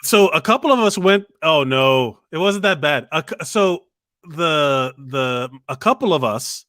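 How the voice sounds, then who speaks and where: A man with a bright, forceful, slightly high voice, co-hosting a comedy podcast. He spins a long story in loose casual chat, piling on quick asides. The sound is dry and close. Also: animated, dry recording. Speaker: podcast co-host.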